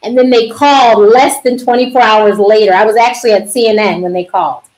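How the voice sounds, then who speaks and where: A middle-aged woman with a high voice tells a story on a panel. She is a doctor. She is animated and laughs often. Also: brisk, rough recording.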